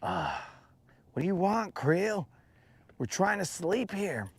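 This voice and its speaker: A man's voice: high voice, sing-song, slow, slightly rough, dry recording, voice pushed up, exaggerated voice. A man voicing a group of grumpy, sleepy roosters woken too early, grumbling in a whispery voice.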